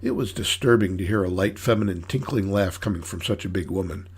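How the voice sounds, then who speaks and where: Low, husky man narrating a hard-boiled story. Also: a little fast. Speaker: author reading his own story.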